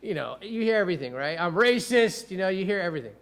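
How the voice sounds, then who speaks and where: A man telling courtroom stories in a casual chat as a defense attorney and podcast host, animated and profane, acting out quotes. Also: high voice, racing.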